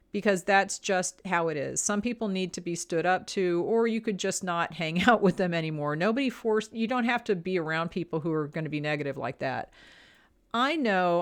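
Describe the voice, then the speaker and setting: Female host, casual advice talk, blunt and frank, smooth clear voice. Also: fairly low pitch. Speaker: small business podcast host.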